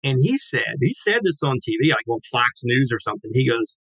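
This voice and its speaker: A man's voice: medium pitch, a little fast, dry recording, low-quality recording. Man in his sixties telling a story. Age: 60s. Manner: lively, acts out quoted dialogue, swears casually. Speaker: guest. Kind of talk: casual anecdotal storytelling.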